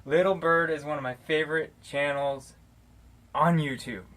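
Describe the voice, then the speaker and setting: An American vlogger living in Arizona talks casually to his camera mic, giving rambling, affectionate shout-outs full of fillers and restarts. His voice is a little high and a bit bright, with a steady tone at normal speed.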